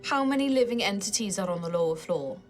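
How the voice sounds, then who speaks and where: A woman's voice: mid-range voice, expressive, fast, soft background music. A woman playing a tabletop game, chatting casually with wry asides. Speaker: player.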